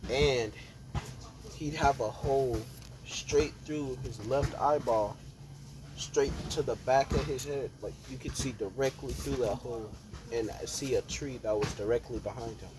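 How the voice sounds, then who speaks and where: A young man drifts through a story he is making up on the spot, in an unhurried voice. He often stumbles, restarts and drops in fillers. A clear hiss of noise sits under the recording. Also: mid-range voice. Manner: meandering, with fillers and self-corrections. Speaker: storyteller narrating a fan scenario. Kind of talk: casual improvised storytelling.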